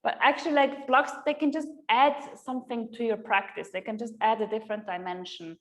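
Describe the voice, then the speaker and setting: A woman's voice: a little high, steady tone, a little fast. A woman in her thirties, a yoga teacher chatting with her online class, rambling and laughing often at herself.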